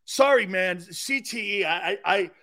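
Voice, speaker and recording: A man's voice: sits high, a little slow. A middle-aged man hosting a sports talk stream, joking and reading viewer comments aloud. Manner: animated, joking, jumps between chat comments. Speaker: sports talk show host.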